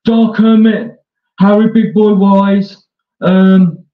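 A man's voice: high-pitched, steady tone, slow pace, voice pushed up. A man putting on the voice of a whiny grown man who pleads for his mom to help. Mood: whining. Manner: pleading, childish whine. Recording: echoey dull lo-fi room.

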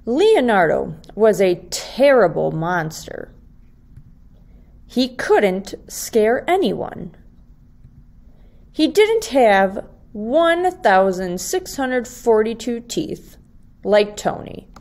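A woman teacher reading a picture book aloud to second graders in a slow, expressive storytelling voice. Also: medium pitch, creaky.

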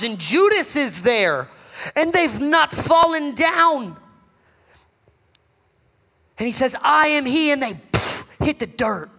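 A man preaching a sermon in a church, dramatic, building to shouts and then dropping low. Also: in a large hall. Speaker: pastor. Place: church sanctuary.

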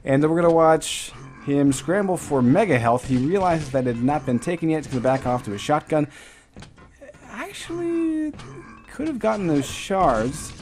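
A man's voice: fairly high pitch, animated, a little fast, hardly any pauses, a little mellow, a little hiss or hum. Rambling, jokey male game caster. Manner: rambling, jokey, goes off on tangents. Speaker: esports caster. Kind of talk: live play-by-play commentary.

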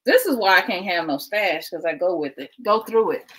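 A woman's voice: fairly low pitch, expressive, moderate pace, fairly bright tone, a little hiss or hum, poor audio. A woman, hosting a casual livestream from home, chatting with viewers and laughing often while she packs. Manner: chatty, keeps addressing viewers as y'all. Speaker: livestream host. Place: at home indoors.

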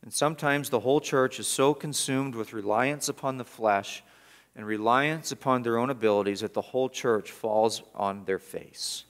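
A male pastor preaching a sermon in church, emphatic and repetitive, swinging from loud urgency to quiet gravity. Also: mid-range voice, moderate pace. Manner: emphatic, repeats words for stress.

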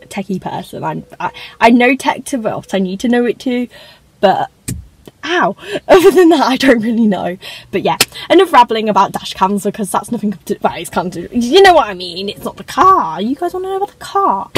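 A woman's voice: medium pitch, sing-song, normal speed, slight background noise, low-quality recording. A teenage woman, chatting and rambling casually through a car tour vlog from inside her parked car. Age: teens. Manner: rambling, chatty, self-conscious asides. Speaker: vlogger.

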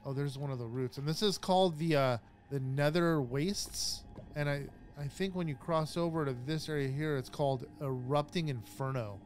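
A man casually narrating his own gameplay, chatty and jumpy, easily startled and quick to laugh at himself. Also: on the high side. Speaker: gaming YouTuber. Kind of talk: casual let's-play commentary.

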